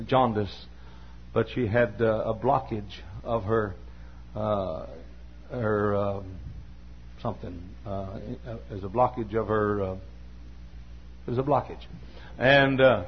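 An older man preaching a sermon, telling a story haltingly with fillers and then rising into fervent preaching. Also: lowish voice. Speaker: pastor. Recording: dull lo-fi recording with faint hum.

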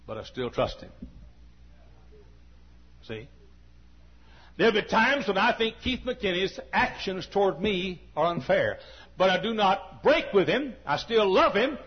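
A man preaching a sermon as pastor, dropping to quiet confiding talk and rising to shouted peaks. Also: sits high, wildly swooping pitch, normal speed, husky. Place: church. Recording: dull lo-fi recording.

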